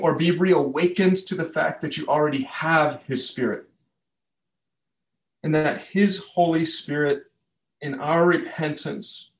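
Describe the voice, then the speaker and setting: A man's voice: fairly high pitch, reverberant. A man preaching a sermon, telling a story in an earnest, conversational way. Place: church.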